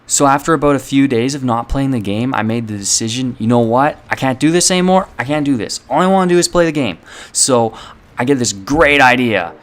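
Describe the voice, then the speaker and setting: A man's voice: mid-range voice, animated, brisk. A young man telling a personal story to his viewers in a loose, rambling way, full of fillers and swearing. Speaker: channel host. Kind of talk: casual storytelling to camera.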